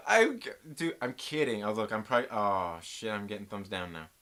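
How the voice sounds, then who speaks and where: With a mid-range voice at moderate speed, the YouTube pop-culture reviewer gives a loose, ranting review: animated, jokey, profane and packed with slang such as "dude" and "bro".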